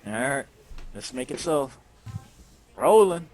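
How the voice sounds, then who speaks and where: A man's voice: medium pitch, big pitch swings, takes it slowly, a little mellow, slight background noise. Hesitant man with a swooping voice. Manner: hesitant, lots of fillers. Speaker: player. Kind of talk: casual tabletop banter.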